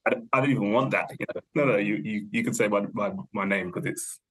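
A young man, a podcast guest thinking aloud in a relaxed, rambling way, full of fillers and self-corrections. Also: lowish voice, fast talker, husky. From London, England. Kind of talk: casual conversational interview.

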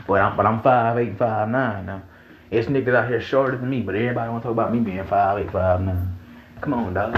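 Southern guy spinning a wild storytime, gravelly voice jumping all over, cussing nonstop, echoey room, kinda muffled. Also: mid-range voice. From Mississippi. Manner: profane, animated, laughing, repeats himself. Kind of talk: casual storytime vlog. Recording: echoey room, dull audio, faint hiss.

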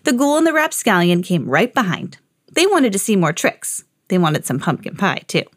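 A woman reading a children's picture book aloud on her podcast in an expressive, sing-song storytelling way. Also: mid-range voice, moderate pace, no room sound, clean studio sound.

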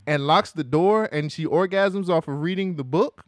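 A man's voice: a little high, moderate pace, no echo, studio quality. A man in casual chat, retelling a movie plot and acting out the characters' lines, laughing often and swearing casually.

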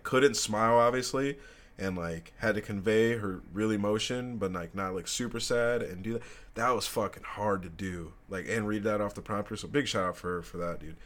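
Young male co-host, low voice, loose profane storyteller, casual podcast chat. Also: a bit bright.

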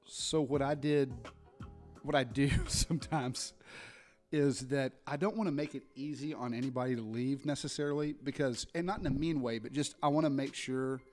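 Male podcast co-host in his thirties, mid-pitched, an animated storyteller who plays out both sides of a deal; faint music bed. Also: moderate pace. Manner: animated storyteller, acts out customer exchanges. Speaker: podcast co-host, car salesman. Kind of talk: casual podcast chat.

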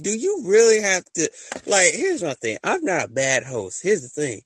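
Male podcast host, husky voice, lively and joking, casual slang, drops from loud to quiet. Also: on the high side, a little slow, low-quality recording. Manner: animated, slangy, joking, swings loud and soft. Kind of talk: casual solo chat to listeners. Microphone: voice-message app.

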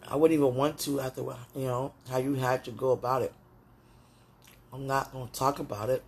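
A woman's voice: rumbling low, steady tone, moderate pace, darkish tone, husky. A woman podcaster talking in a casual, intimate monologue that rambles and often turns to prayer.

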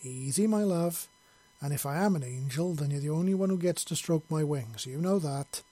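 A man voicing a calm, confident doctor with a gravelly voice in a storybook reading. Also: fairly high pitch, normal speed, no room sound, close to an everyday voice. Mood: playful. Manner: soothing, playful.

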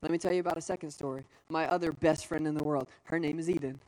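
A young man in his twenties preaching to a live audience, telling personal stories in a lively, conversational way with asides. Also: a little high, fast talker, low-quality recording. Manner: storytelling, energetic and conversational, with asides. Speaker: pastor.

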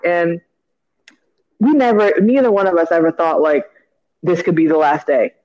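A man's voice: high-pitched, normal speed, long pauses, lo-fi sound. A man telling a story in casual chat. He rambles, fills it with "you know" and "like", and often restarts his sentences.

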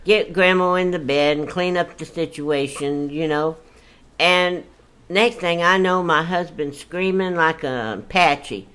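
An older woman spinning a story from her own life in a relaxed, chatty way. She talks in a folksy manner, breaking into exclamations as the story builds. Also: fairly low pitch, measured pace, smooth. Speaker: storyteller guest. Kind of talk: casual storytelling.

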